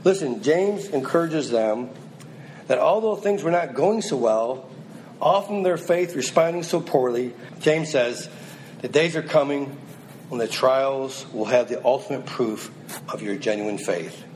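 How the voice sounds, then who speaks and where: A man's voice: medium pitch, animated, measured pace, a little mellow, slight background noise, poor audio. A man preaching a sermon, reading scripture aloud and then pressing his listeners with direct, rising exhortations.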